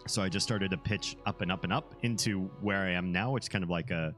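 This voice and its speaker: A man with a deep bass voice, chatting casually and rambling on a live stream, chuckling often. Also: fast talker, a bit bright, soft background music. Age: young adult to middle-aged, a parent.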